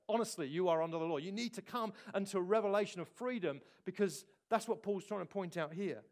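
Guy preaching, pretty high voice, goes big and loud then drops real quiet. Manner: animated preaching with sudden loud bursts and quiet asides. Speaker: pastor. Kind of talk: sermon.

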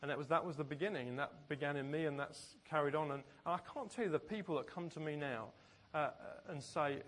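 Man, pastor, sermon, storytelling, higher voice. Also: fast, fairly bright tone, a little hiss or hum. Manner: storytelling, conversational, often laughing.

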